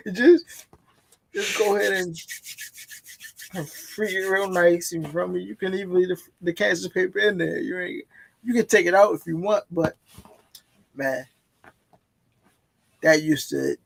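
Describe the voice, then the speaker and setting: Guy with a high gravelly voice, young, laid-back chat, keeps saying you feel me. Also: steady tone, unhurried, long pauses, dry recording. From Baltimore. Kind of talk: casual chat.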